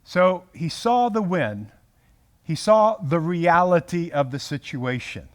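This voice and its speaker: Animated man teaching a Bible study. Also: a little high, takes it slowly. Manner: animated, self-interrupting, acts out quotes. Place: room with a group.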